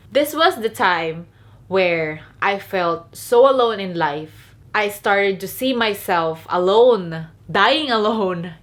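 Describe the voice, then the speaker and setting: A woman's voice: medium pitch, a bit bright. A young woman from the Philippines with a Filipino accent, telling a candid, chatty storytime vlog. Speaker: vlogger.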